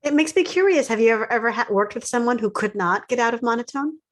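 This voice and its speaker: A woman's voice: a little high, fast. A woman co-host in casual chat, responding with curious follow-up questions.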